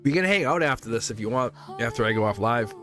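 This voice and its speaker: A man's voice: mid-range voice, lively intonation, fast talker, fairly bright tone, faint music behind. A man reading tarot cards live for his viewers, chatty, laughing often and repeating himself. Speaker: tarot reader, livestream host.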